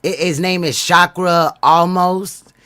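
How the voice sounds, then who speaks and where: A man's voice: high-pitched, steady tone, slow, bright, forceful tone. A man hosting a livestream panel, talking loosely and laughing as he tells stories in slangy casual chat.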